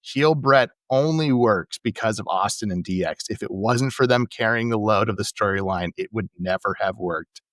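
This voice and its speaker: A man co-hosting a casual podcast, retelling wrestling promos in an animated way and laughing often. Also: on the low side, moderate pace, few pauses, no room sound. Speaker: podcast co-host. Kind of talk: casual recap chat.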